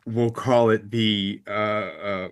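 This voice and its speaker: A man co-hosting a podcast, talking in a casual, animated and profane way with film-nerd enthusiasm. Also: lowish voice, slow, clean tone. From United States. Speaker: podcast co-host. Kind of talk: casual chat.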